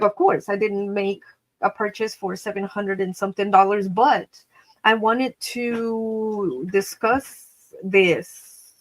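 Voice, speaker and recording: A woman hosting a casual live stream from home, chatting to her viewers as friends and telling a story with animated energy. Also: mid-range voice, poor audio. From Mexico.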